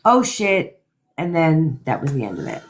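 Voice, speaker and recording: A woman on a live stream reading out and summarizing a call transcript in a flat, matter-of-fact way. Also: deep voice, moderate pace, poor audio. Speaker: live stream co-host recapping a trial. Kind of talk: casual live stream chat.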